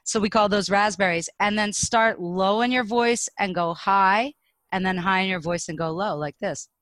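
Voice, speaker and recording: A woman guest on a podcast, a speaking coach explaining and demonstrating vocal warm-up exercises. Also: mid-range voice, normal speed. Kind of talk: podcast interview.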